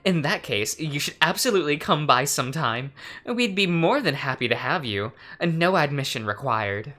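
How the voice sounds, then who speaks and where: A man's voice: on the high side, lively intonation, moderate pace, pushed and bright. A man reading aloud a friendly woman who works as an art gallery curator, with polite, inviting lines.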